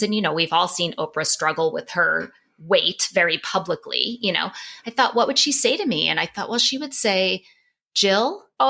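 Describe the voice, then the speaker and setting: A middle-aged woman, a psychologist, telling a candid personal story on a podcast, open and animated. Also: medium pitch. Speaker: psychologist and author guest.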